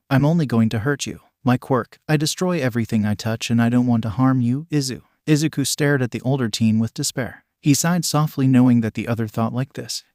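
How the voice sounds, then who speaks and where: A man reading a fan fiction story aloud in a steady, even narration, voicing the dialogue with little change. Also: mid-range voice, no echo, studio quality. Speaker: fanfic reader. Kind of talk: scripted narration.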